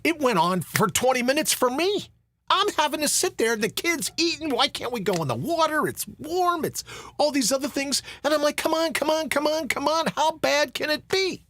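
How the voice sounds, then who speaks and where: A middle-aged man spins a funny story as a podcast host, his pitch leaping up and down as he acts out other people's lines. The sound is dry and close, with no room around it. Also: fairly bright tone, no echo. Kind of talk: storytelling monologue.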